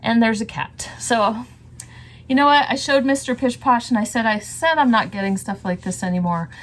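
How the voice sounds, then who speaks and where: A woman's voice: fairly high pitch, normal speed. A woman talks casually through her thrift store finds in a reseller's vlog. She rambles from one piece to the next, trailing off and laughing often. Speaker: reseller vlogger. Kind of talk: casual thrift haul chat.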